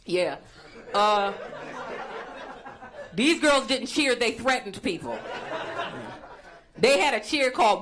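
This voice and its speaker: A woman's voice: fairly high pitch, lively intonation, slow pace, long pauses, a bit bright. A young woman performing a crude, punchy stand-up set on a stage mic. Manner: brassy, crude, punchy delivery. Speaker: stand-up comedian. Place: comedy show stage before an audience. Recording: noisy live show with crowd.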